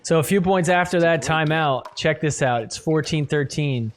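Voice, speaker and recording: A man's voice: fairly high pitch, moderate pace. A man hosting a podcast, giving casual commentary over match clips, laughing often and mock-quoting the players.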